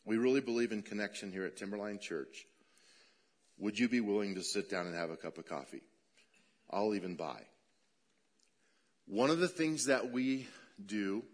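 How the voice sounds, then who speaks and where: Middle-aged male pastor, animated sermon delivery, acts out quoted voices with a wide swing in pitch and volume.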